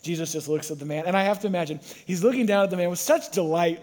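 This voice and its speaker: A man's voice: sits high, lively intonation, fast, few pauses, darkish tone. A man preaching a sermon to a congregation, who tells the story with energy and acts out the voices. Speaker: pastor.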